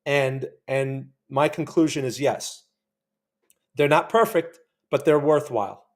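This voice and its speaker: A man's voice: mid-range voice, takes it slowly. A man hosting a live day-trading stream, talking viewers through his trades and reacting emotionally as the chart moves. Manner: chatty, keeps asking viewers to remember. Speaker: trading channel host.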